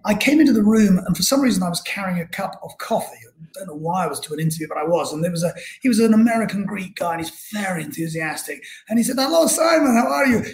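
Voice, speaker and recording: A man's voice: sits high, a little hiss or hum. A middle-aged man from England, a guest telling career stories in a rambling, self-deprecating way with many restarts. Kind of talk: casual storytelling interview.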